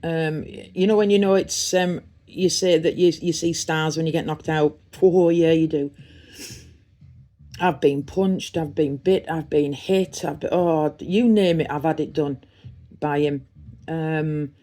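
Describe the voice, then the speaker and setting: A middle-aged woman with a Teesside accent talks in a fairly low voice. She rambles warmly and chattily, gushing now and then, as if to friends in a casual unboxing vlog. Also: fairly even intonation, measured pace. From Redcar, North East England. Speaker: vlogger.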